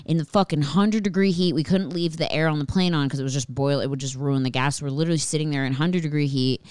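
Casual podcast host, female, low pitch, swears freely, dry close recording. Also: fast talker, clean tone, dry recording. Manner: animated, swears constantly, anxious rambling. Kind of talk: casual storytelling monologue.

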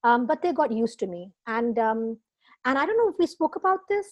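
Woman guest, fairly high voice, expressive, casual interview talk. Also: a little fast, lo-fi sound. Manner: expressive, emotional, laughs often, many fillers.

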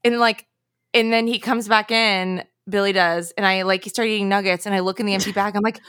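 A woman co-hosting a podcast in casual chat, telling stories with lively acted-out quotes and casual swearing. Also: medium pitch, brisk, clear, resonant tone, no echo, clean studio sound. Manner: lively storyteller acting out quotes. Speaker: podcast co-host.

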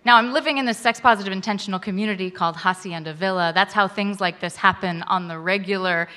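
A woman telling a frank personal story to a live audience, animated and laughing often. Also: medium pitch, fast.

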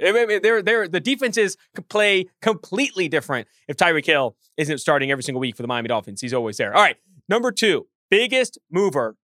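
Fast, bright-voiced man ranting. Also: sits high, no room sound, studio quality. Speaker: podcast co-host. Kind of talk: sports podcast talk.

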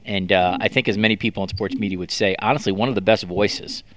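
A man's voice: on the low side, steady tone, fast talker. A man hosting a podcast in casual chat, joking and self-deprecating with frequent restarts. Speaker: podcast host.

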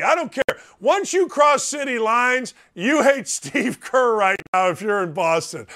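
A man hosting a sports talk show, brash and excitable, often raising his voice for emphasis. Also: very high voice, measured pace, hardly any pauses. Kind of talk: loud casual sports talk.

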